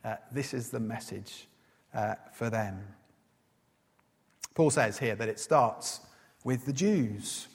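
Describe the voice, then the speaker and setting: A man preaching a sermon in an earnest manner, putting questions to his listeners and pausing often with "uh". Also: mid-range voice, slightly rough. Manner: earnest, asks the listeners questions, many "uh" fillers. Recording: long reverb of a large hall.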